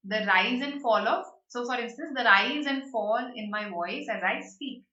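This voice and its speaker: A woman teaches an online vocabulary class, explaining words in a lively way and checking in with her students as she goes. Her voice is bright and fairly high. The sound is roomy and dull, as if she is sitting a little back from the mic. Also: normal speed, far from the mic. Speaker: online exam-prep teacher. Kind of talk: live online vocabulary lesson.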